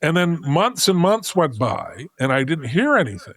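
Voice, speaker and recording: A man's voice: on the high side, normal speed, dry recording, clean studio sound. Middle-aged man telling a story dryly. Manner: animated, thinking aloud with frequent restarts. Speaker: podcast guest. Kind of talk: casual conversational storytelling.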